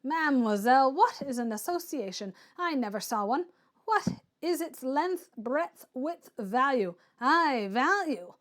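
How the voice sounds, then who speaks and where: A woman's voice: sits high, lively intonation, unhurried. Woman reads a scornful, lecturing Englishman in a raised voice, storybook style. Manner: loud, sneering, lecturing. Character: scornful blunt middle-aged Englishman, sneering and mocking.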